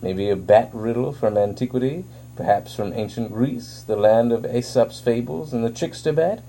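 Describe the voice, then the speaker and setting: A man reading comic dialogue aloud, voicing a flamboyant, taunting male villain with showy, drawn-out words. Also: mid-range voice, dark tone, lightly acted. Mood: gleeful taunting.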